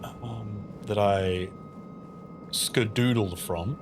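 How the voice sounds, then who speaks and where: Heavy background noise surrounds this man's low-leaning voice, and he speaks extremely slowly. He's a casual game streamer who chats with his audience, reads and answers their messages, and playfully mutters to himself mid-game.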